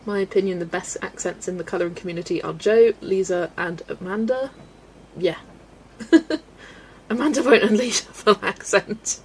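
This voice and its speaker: This medium-pitched woman speaks at a moderate pace as she runs a colouring livestream, reading comments aloud and laughing a lot in easygoing chat with her audience. There's faint noise in the background.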